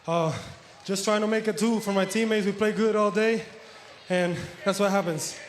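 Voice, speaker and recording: A man from Puerto Rico with a high voice, giving short, humble answers after a game. He sounds a little off-mic in an echoey arena, with faint background noise. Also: steady tone, normal speed. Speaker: basketball player. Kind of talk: post-game interview. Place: indoor basketball arena.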